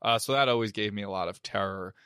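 A man's voice: fairly low pitch, quick pace, bright, forceful tone, smooth, dry recording, studio quality. A young man co-hosting a podcast, telling rambling stories in casual chat, full of "like" and fillers. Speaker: podcast co-host.

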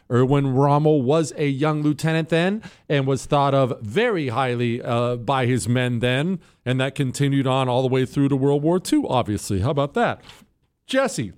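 A man hosting a talk radio show, chatting casually and reading listener emails, his voice jumping up when he sounds incredulous. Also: clear, resonant tone. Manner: animated, swings high when incredulous.

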